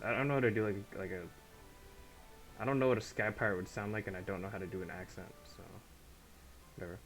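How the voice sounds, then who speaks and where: A man's voice: fairly low pitch, fairly even intonation, fast talker, long pauses, faint music behind, low-quality recording. A man streamer chatting casually while playing a game, rambling with lots of fillers and poking fun at himself. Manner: rambling, filler-heavy, self-deprecating. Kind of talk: casual let's-play chat.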